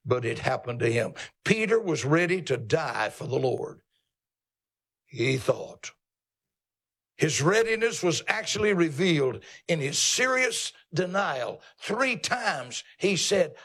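A man's voice: a little high, big pitch swings, a little slow, a bit bright, husky. A man preaching a sermon in a folksy, dramatic and teasing way.

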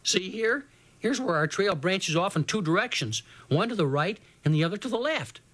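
An eager young boy tracking a trail through the woods, as a man puts him on, raising his voice well above his own. He blurts out his words in breathless bursts, bright with excitement. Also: sits high, normal speed, pitched above the performer's own voice. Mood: excited.

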